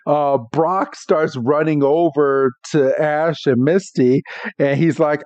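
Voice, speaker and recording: A man's voice: a little high, fairly even intonation, takes it slowly, darkish tone, dry recording, lo-fi sound. A man hosting a podcast, recapping a cartoon episode scene by scene in a casual way. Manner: retells scenes, acting out the characters' lines. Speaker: podcast host.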